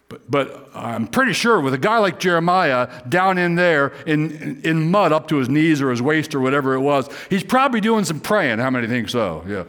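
A man's voice: medium pitch, fairly bright tone. A man preaching a sermon in an earnest way, rising to fervent pleas when voicing prayers and often repeating words as he goes. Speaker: pastor.

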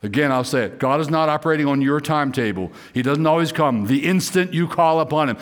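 A male pastor delivers a sermon in a church, mid-pitched and conversational. He cracks small jokes and acts out what people might say to God. When he reads scripture he slows down and his voice swells higher and louder. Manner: rises high and loud when reading scripture, voices imagined speakers; conversational asides with humor.

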